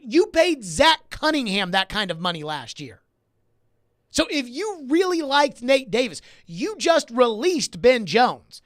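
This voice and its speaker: A man's voice: very high-pitched, fairly bright tone, dry recording. Emphatic male sports radio host, dry studio sound. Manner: emphatic, repeats points for stress. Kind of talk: sports talk radio monologue. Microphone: studio microphone.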